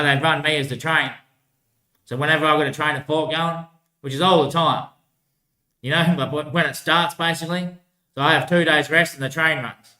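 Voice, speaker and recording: A man's voice: fairly high pitch, bright, forceful tone, echoey room. A man talking in a loose, drifting solo monologue, repeating himself and tossing in "mate" often. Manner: repetitive, keeps saying "mate" and "bloody hell"; loose, drifting talk with frequent laughs. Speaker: vlogger.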